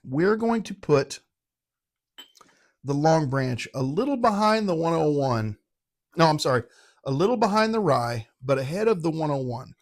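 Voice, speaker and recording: A man's voice: on the high side, big pitch swings, normal speed. Rambling, irreverent man tasting whiskey. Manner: rambling, irreverent, self-mocking. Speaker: whiskey reviewer. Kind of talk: casual tasting vlog.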